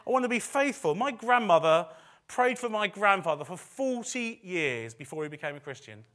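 A man's voice: sits high, sing-song, moderate pace, a bit bright. A middle-aged man preaching a sermon in a chatty way, with self-deprecating asides and phrases repeated for emphasis. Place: church service.

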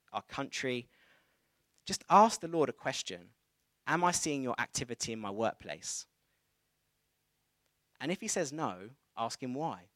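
Recorded close and dry without any room echo, a preacher from England gives a sermon built around a personal anecdote. He speaks at an ordinary middle pitch in a lively, chatty manner, animatedly retelling dialogue as he tells the story.

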